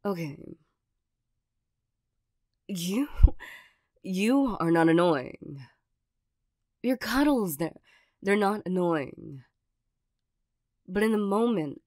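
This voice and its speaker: A woman voicing an awkward young girlfriend, gruff but loving, in a whispered role-play, hesitant and stammering with nervous little laughs. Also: fairly low pitch, slow, long pauses, darkish tone, no echo, clean studio sound. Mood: flustered. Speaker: ASMR role-play performer.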